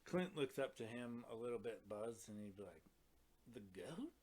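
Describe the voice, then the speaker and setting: Man on a far-too-quiet mic. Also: mid-range voice, brisk, slight background noise. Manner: laughing, loose. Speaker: player. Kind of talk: playing a tabletop game online. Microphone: new mic set far too quiet.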